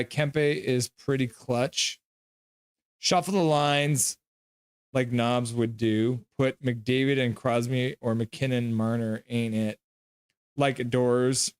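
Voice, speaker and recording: A man with a voice pitched right in the middle of the male range, talking casually through a live hockey stream. He calls the action in short, clipped phrases and drops loose asides between the plays. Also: smooth, no room sound, studio quality. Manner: quick clipped play calls mixed with offhand chat remarks. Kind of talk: casual live play-by-play commentary.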